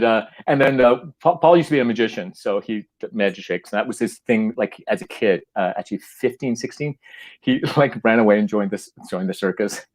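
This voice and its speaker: A middle-aged man from Canada, a playwright and actor, telling an anecdote casually with laughs and frequent restarts. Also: fairly low pitch. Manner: animated, laughing, acting out quotes, many restarts.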